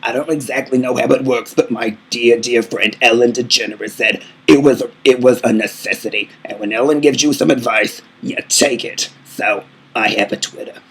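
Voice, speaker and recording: A man's voice: medium pitch, steady tone, moderate pace, a bit bright, slightly rough, low-quality recording. A man playing a vain, aging female diva singer who boastfully calls everyone darling while answering fan questions in a comedic vlog. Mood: self-important.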